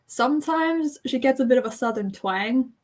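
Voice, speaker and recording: A woman's voice: sits high, animated, normal speed. A young woman from Canada's west coast, chatting casually and rambling on a book club livestream. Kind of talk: casual chat on a reading livestream.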